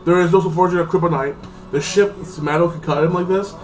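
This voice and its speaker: A man's voice, on the high side and steady, moves a little fast through a chatty, rambling movie review. He fills it with "like" and slips into the characters as he describes them. The recording catches him somewhat far from the mic with quiet music underneath.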